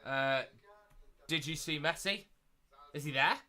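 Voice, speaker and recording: A young man hosting a live watchalong stream, chatting casually and repeating himself, getting loud and excited at big moments. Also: a little high, measured pace. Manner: excitable, repeats phrases, shouts when thrilled.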